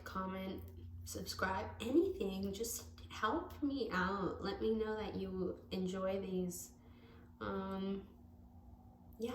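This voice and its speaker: A woman giving a casual tarot reading to camera, rambling and correcting herself as she goes, speaking with open affection. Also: medium pitch. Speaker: tarot reader. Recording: echoey room with faint background noise.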